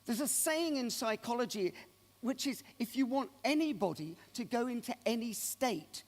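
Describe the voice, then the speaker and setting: A man's voice: very high-pitched, moderate pace. A man giving a keynote speech, telling anecdotes to an audience in a large conference hall. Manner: animated anecdotal storyteller. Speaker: keynote speaker. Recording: long reverb of a large hall.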